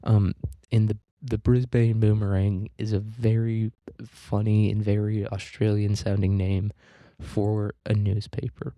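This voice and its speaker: Low, dark-voiced casual male podcaster. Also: level tone, a little slow, no room sound. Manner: loose, profane and joking, with fillers and asides. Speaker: podcast host. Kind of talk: casual history podcast talk.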